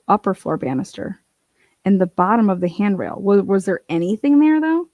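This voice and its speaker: A woman's voice: mid-range voice, animated, moderate pace, darkish tone, no room sound, dull audio. A woman hosting a casual true crime livestream, swearing freely, laughing and reading court documents aloud. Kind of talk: casual profane livestream commentary.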